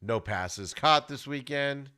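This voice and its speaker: A man hosting a podcast, giving an animated, ranting football recap with plenty of exclamations. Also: medium pitch, slow, smooth. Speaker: podcast host.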